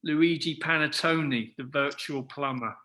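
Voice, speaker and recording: Bright-voiced man hosting an online improv show. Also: fairly high pitch. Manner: flustered, quick asides. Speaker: host running the improv show. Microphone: video call.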